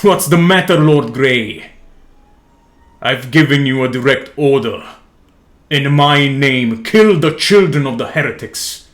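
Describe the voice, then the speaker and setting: Tyrant emperor, a game master puts him on, loud, raised, slow, echoey room. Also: male voice, fairly high pitch. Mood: commanding. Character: commanding male emperor, cruel tyrant.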